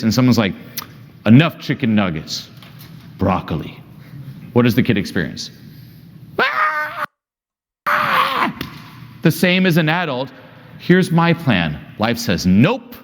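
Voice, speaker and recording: A man's voice: mid-range voice, expressive, a little fast, a little mellow, slight background noise. A young man coaching a group, blunt and emphatic, swearing freely and firing rhetorical questions. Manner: asks many rhetorical questions. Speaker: self-help coach. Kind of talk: coaching session.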